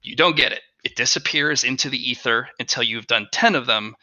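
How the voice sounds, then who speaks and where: A man narrating as game master of a tabletop game, animated and restarting often as he explains the rules. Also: medium pitch, brisk, dry recording. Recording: dull lo-fi dry recording.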